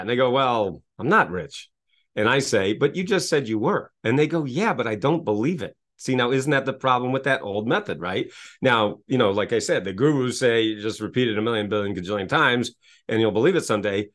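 A man's voice: mid-range voice, fairly bright tone. A middle-aged man, a business coach, speaking energetically in an interview with a repetitive motivational cadence and frequent rhetorical questions.

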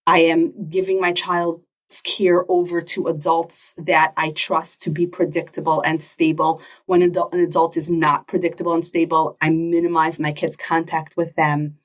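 Woman podcast host, middle-aged, husky tone, set a bit off-mic, lively conversational delivery. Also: sits low, recorded from a distance. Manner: animated, acts out quick parent-child exchanges. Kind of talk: casual podcast talk.

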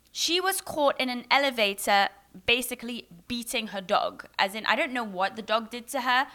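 A woman's voice: fairly high pitch, pushed and bright. A young woman co-hosting a casual chat show, chatty and opinionated, full of likes. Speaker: co-host.

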